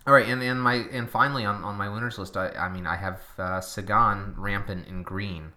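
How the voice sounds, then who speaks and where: A man co-hosting a casual cycling podcast, talking in halting bursts with frequent restarts and laughs. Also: fairly low pitch, steady tone, bright, forceful tone. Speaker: podcast co-host.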